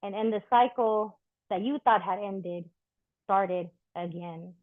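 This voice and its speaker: At a live poetry event, a woman performs spoken-word pieces and chats candidly between poems, swearing freely. Her mid-range voice moves at a slow pace. The recording is dry and thin, like a phone, with no echo.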